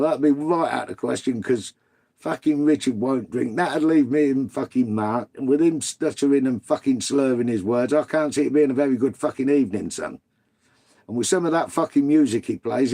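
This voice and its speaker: Sweary chatty man, mellow voice. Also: mid-range voice, a little fast, creaky, slightly rough. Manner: swears freely, banters with viewers, chuckles often. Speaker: vanlife live streamer. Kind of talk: casual live-stream chat reading comments.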